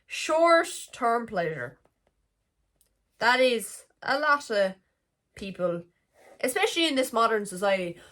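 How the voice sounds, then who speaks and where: A woman's voice: fairly high pitch, expressive, normal speed, fairly bright tone. A young woman vlogging a frank, emotional confessional monologue, swearing freely as she talks.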